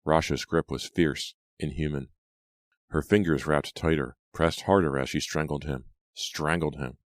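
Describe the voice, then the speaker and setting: A man narrating a horror audiobook in a steady, dramatic way. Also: extremely low pitch, a little slow, dry recording.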